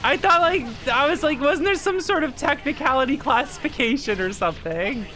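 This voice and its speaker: A woman's voice: sits high, expressive, normal speed, fairly bright tone. A woman streaming a video game who chats casually, laughs often, gets flustered and swears freely. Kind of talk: casual gameplay chat. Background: faint game music.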